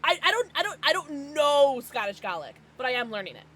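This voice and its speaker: An American woman livestreaming, chatting casually with her viewers in an excitable, bubbly way. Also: sits high, fairly quick, a little hiss or hum. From United States. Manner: excitable, bubbly, gasps and laughs often.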